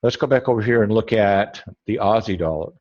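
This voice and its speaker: A man's voice: fairly low pitch, a little fast, darkish tone, highs cut off. A man teaching a trading webinar over a screen share, rambling and correcting himself as he thinks aloud.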